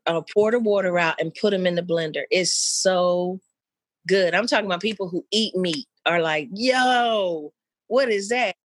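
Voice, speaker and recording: A mother talking with an old friend in loose, rambling chat, with lots of fillers and lively pitch jumps when she quotes people. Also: moderate pace. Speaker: mother of an eleven-year-old.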